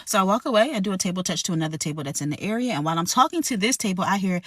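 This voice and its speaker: A woman's voice: medium pitch, lively intonation, racing, hardly any pauses, a bit bright, no echo, clean studio sound, recorded from a distance. A woman, a restaurant manager, telling a workplace story in a sarcastic, exasperated way. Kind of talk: storytime rant.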